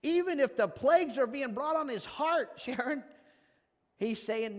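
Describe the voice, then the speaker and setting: A man's voice: very high voice, animated, unhurried, long reverb tail. A man preaching a conversational sermon, asking questions and calling on listeners by name. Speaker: pastor. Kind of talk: interactive sermon.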